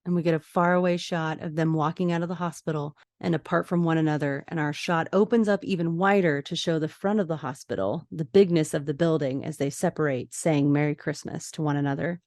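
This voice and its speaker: A woman podcast host narrating an episode recap scene by scene, with lively asides of her own. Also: deep voice, a little fast, hardly any pauses, dry recording, studio quality. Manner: vivid scene-by-scene retelling with asides.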